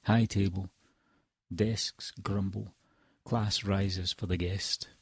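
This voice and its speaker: Low, husky poet reading. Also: male voice, fairly even intonation, no echo. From Scotland. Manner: measured, deliberate recitation. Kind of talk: poetry reading.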